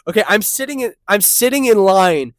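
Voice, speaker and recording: A man with a high-pitched voice chats casually on a podcast and tells animated stories. He sounds a little breathy from a recent cold. The sound is dry and close. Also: brisk, dry recording. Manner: animated storyteller, acts out quotes. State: slightly breathy after a cold. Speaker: podcast host and content creator. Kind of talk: casual chat.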